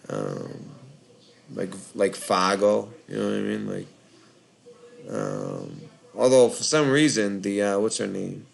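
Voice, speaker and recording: A man's voice: fairly low pitch, gravelly. A tired man with a Boston accent hosting a live call-in show, rambling casually with lots of filler words.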